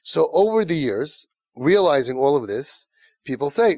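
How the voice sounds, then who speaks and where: A man gives a lecture to parents and coaches them. He speaks in an animated, emphatic way and often repeats himself for stress. His voice sits somewhat high, and the recording is dry and close. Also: a little slow, dry recording.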